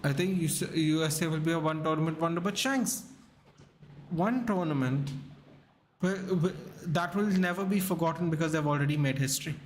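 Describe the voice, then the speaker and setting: A man's voice: fairly high pitch, brisk, a little hiss or hum. A man hosting a live sports watchalong, chatting casually and rambling as he reacts to the match and answers the chat, sounding tired. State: tired, yawning.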